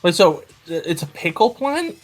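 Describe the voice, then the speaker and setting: Animated, lively co-streamer. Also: mid-range voice, moderate pace, soft background music. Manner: chatty, swearing, laughing outbursts. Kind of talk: casual chat while playing a video game.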